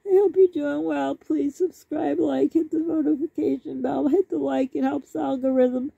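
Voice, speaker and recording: A woman's voice: high voice, steady tone, normal speed, vocal fry, dark tone, no echo. A woman vlogger talking to her viewers in a rambling, apologetic way. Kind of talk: casual chat to camera. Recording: dull lo-fi dry recording.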